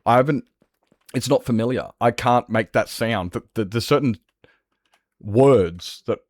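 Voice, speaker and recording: A man's voice: mid-range voice, measured pace, no room sound. A man with an Australian accent chatting casually on a livestream, rambling and swearing freely. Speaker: Minecraft streamer.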